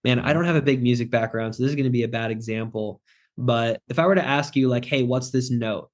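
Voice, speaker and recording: A man's voice: medium pitch, fast. A man, a sales closing expert, chatting on a podcast in a direct, joking way and acting out phone calls. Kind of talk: casual podcast chat.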